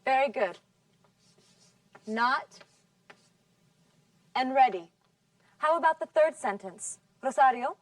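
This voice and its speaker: A woman runs a scripted class in a fairly high voice, patiently drawing out each model word. She sits back from the mic, and the room sounds dry. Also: expressive, no echo, recorded from a distance. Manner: patient, drawn-out model words. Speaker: English teacher.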